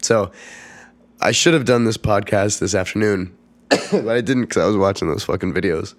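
Getting over a cold, a young podcast host talks on his own at normal speed, his rough, congested voice on the low side. He coughs, rambles, and keeps restarting amid plenty of fillers. There's a dry quality to the recording.

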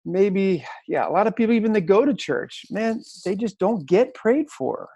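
Man, podcast guest, slightly high voice, dry sound, thoughtful, hedging. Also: big pitch swings, normal speed, mellow, husky, dry recording. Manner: thoughtful, hedging with "if you will". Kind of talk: reflective interview talk.

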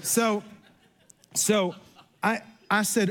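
A man's voice: sits high, steady tone, normal speed, long pauses. A man preaching a sermon as pastor, telling a story in a chatty, self-deprecating way with many restarts. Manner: chatty, self-deprecating, restarts often, acts out quoted people. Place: church sanctuary.

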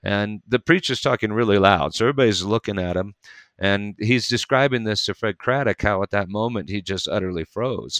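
A man and preacher telling a story in casual conversation, animated and quick in bursts. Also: lowish voice, clear, resonant tone, no echo, studio quality.

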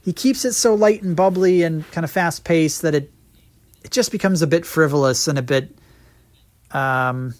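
Joking man with a slightly high voice. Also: moderate pace. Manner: joking, talks in long flowing run-on sentences. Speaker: podcast co-host. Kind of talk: casual movie review chat.

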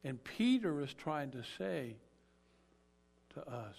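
A man preaching a sermon as an animated storyteller who acts out the characters as he goes. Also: on the high side, takes it slowly, vocal fry, long pauses, breathy edge.

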